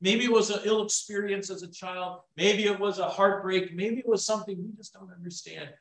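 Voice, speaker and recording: A man preaching a sermon, swinging between hushed asides and loud emphasis. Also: sits high, steady tone, brisk. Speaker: pastor. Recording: echoey room, mic from far off.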